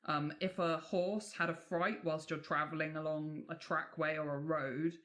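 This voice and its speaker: A woman's voice: low-pitched, steady tone, moderate pace, fairly bright tone. A woman from England, a podcast co-host telling folklore tales in a chatty way with casual swearing and many fillers.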